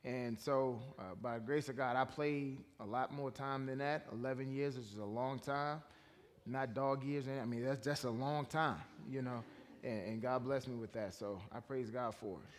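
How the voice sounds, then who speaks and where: A man from Washington, D.C., a former pro football player, tells stories in a relaxed, joking way and speaks sincerely about his faith in front of a church audience. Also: medium pitch, normal speed, a little hiss or hum. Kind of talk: relaxed storytelling interview. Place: church stage before a congregation. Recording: long reverb of a large church hall.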